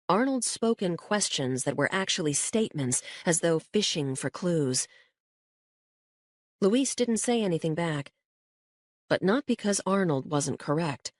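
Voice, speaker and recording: A woman narrating a horror audiobook in an even storytelling manner, giving the characters voices. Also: fairly low pitch, measured pace, dry recording, clean studio sound. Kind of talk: scripted narration.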